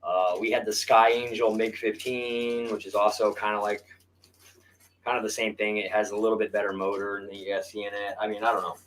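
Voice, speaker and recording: In a lowish, a bit bright voice with little pitch movement, a man talks a little fast while working on a model plane for his RC hobby channel. He addresses viewers bluntly as "you guys," swearing constantly in casual workshop talk to camera. The recording is rough.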